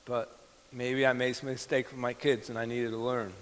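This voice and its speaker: A man's voice: medium pitch, level tone, moderate pace, a little hiss or hum. Middle-aged male pastor in a reverberant hall. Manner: storytelling, acts out quoted dialogue. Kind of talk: sermon with personal story. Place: church hall.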